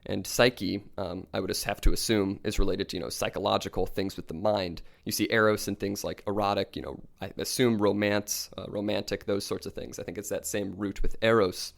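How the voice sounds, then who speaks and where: A young man on a casual podcast retells old myths in a calm, steady way. His voice sits low and has a gravelly, creaky edge. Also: a little fast, few pauses. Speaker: podcast co-host.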